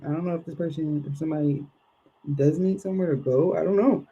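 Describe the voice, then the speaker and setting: A woman's voice: low voice, quick pace, warm tone, breathy edge, lo-fi sound. A woman hosting a livestream tarot reading, talking in a rambling, hesitant way that trails off. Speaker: tarot reader.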